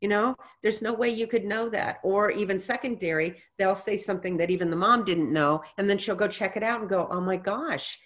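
A woman guest in a casual interview, telling stories in an animated way and acting out what people said, with a reassuring, teacherly manner. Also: mid-range voice, brisk, hardly any pauses. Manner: animated storyteller who acts out quotes. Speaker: guest, intuitive reader.

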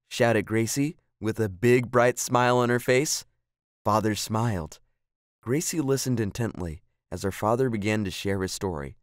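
A man calmly reading a children's storybook aloud. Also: lowish voice, normal speed, no echo, clean studio sound.

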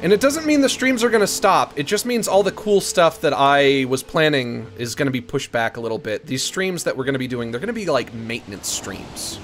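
A man's voice: medium pitch, expressive, a little fast, few pauses, fairly bright tone. Playful rambling male streamer. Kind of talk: casual live-stream chat.

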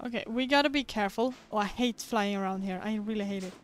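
A woman's voice: medium pitch, quick pace, soft background music. A woman streamer giving casual, chatty gameplay commentary, giggling and poking fun at herself. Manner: chatty, giggly, self-mocking.

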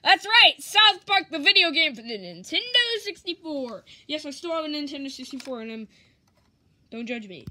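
A woman's voice: high-pitched, expressive, moderate pace, pushed and bright. A woman rambling through a casual haul vlog, offhand and swearing mildly. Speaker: vlogger.

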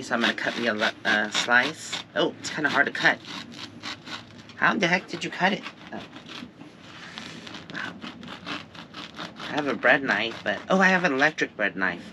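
A man's voice: mid-range voice, expressive, moderate pace, long pauses, background noise. A man chatting cheerfully through a casual gardening vlog outdoors at a camp, cooing at his pets. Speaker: vlogger.

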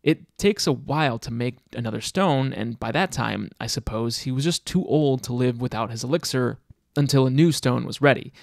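A man reading the lines of an earnest, quick-tempered schoolboy wizard aloud from a draft passage, in a near-everyday voice. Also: mid-range voice, creaky, no room sound, clean studio sound, lightly acted.

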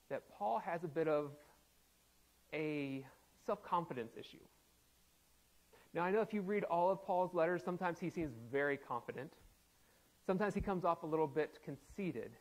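A man's voice: high-pitched, darkish tone, rough recording. A man preaching a sermon as pastor, laughing often and acting out quoted voices playfully. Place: church sanctuary.

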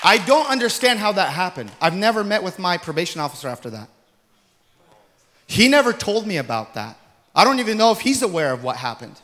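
A man preaching a testimony sermon, telling his story in an animated way and acting out the dialogue, swinging from hushed to loud. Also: sits high, a little fast. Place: large church hall. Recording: long hall reverb.

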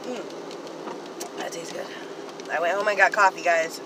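A woman chatting excitedly to viewers in a casual vlog, talking straight to the camera about her finds. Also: lowish voice, normal speed, background noise. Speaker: vlogger. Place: in a car, rain outside.

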